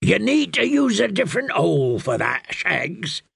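A man's voice: high-pitched, sing-song, measured pace, vocal fry, a bit bright, voice pushed up, full character voice. A man doing a drawling, mocking outlaw. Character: sly male outlaw with a drawl.

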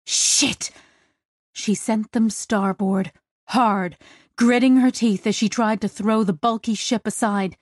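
Woman audiobook narrator, slow measured delivery, dry close sound. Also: mid-range voice, fairly even intonation, darkish tone, no echo. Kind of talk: scripted narration.

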